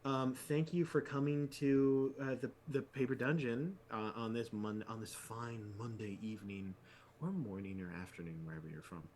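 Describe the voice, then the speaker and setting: Guy hosting a tabletop podcast, gets loud and squeaky when he rants, faint background hum. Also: moderate pace. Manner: animated ranting storyteller, jumps up in pitch when exasperated. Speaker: podcast co-host. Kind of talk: casual chat.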